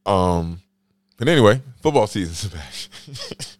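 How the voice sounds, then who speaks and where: Low-voiced rambling podcast man. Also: big pitch swings, measured pace, dry recording, studio quality. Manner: rambling, slangy, joking storyteller. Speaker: podcast host. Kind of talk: casual solo podcast storytelling.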